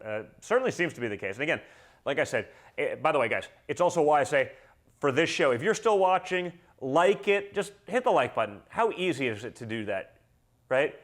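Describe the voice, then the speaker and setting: A man's voice: fairly high pitch, animated, fairly quick. A man hosting a casual livestream, talking bluntly and combatively and reading out viewer comments.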